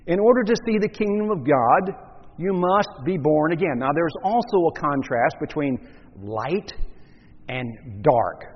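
A man preaching a teaching sermon, measured and explanatory, asking the listeners rhetorical questions. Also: a little high, husky. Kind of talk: expository sermon. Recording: muffled, echoey hall recording.

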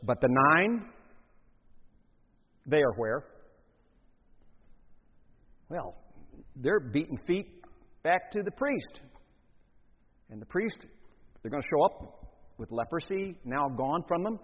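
A man preaching a sermon in an animated way, acting out scenes with big swings in pitch and volume. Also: moderate pace, pauses often, slightly rough. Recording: long hall reverb, muffled lo-fi sound.

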